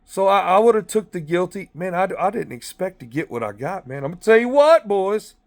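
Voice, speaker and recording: A man's voice: high-pitched, a little fast. A man who is a former corrections officer, telling blunt, profane stories in a rambling monologue from inside a car. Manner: profane, blunt, animated storytelling.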